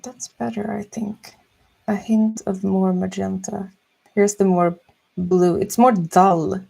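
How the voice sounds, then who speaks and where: A young woman chatting softly and musing slowly while she draws on a live stream. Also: mid-range voice, level tone, gravelly. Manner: soft-spoken, slow and musing. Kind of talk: casual chat while drawing.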